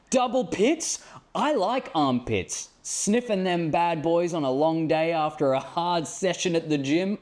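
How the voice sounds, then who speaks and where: Man, co-host, goofy jokey banter, fairly high voice, very lively pitch. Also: takes it slowly. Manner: jokey, goofy, playful asides. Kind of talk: comedic casual banter.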